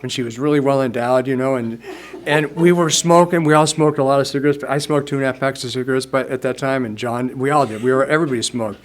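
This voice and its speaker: A man's voice: mid-range voice, a little hiss or hum. A man in his sixties telling his own story at a recovery meeting, casual and rambling, chuckling as he goes. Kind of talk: personal storytelling testimony.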